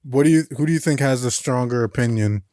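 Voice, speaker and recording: A man co-hosts a podcast in relaxed, easygoing chat, laughing often and swearing casually. His pitch sits in a middle range and the recording is dry and close. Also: quick pace, dry recording. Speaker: podcast co-host.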